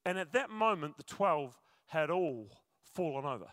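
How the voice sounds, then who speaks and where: A pastor, a man preaching to his congregation in a high, bright voice. He is jokey and chatty and keeps talking to the crowd. The sound is close and dry, with no room echo. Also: lively intonation, normal speed. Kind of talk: sermon. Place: church service with a congregation.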